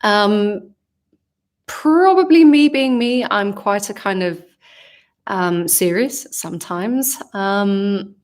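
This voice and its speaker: A woman's voice: medium pitch, animated, slow pace, darkish tone. A woman with a southern English accent, chatting casually on a livestream Q&A, reading fan comments aloud and answering in a reflective, hesitant way with many ums. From England. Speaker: singer answering fan questions.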